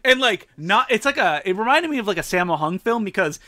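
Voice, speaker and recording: Bright, high-voiced man chatting about a film. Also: expressive, a little fast, no echo, clean studio sound. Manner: jokey, acts out quotes from the film. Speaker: podcast co-host. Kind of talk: casual movie-review chat.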